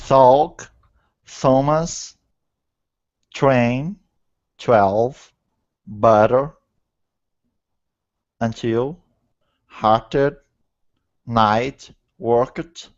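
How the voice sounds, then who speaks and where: A man learning English, speaking haltingly and repeating words carefully for his teacher. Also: mid-range voice, no echo, dull audio.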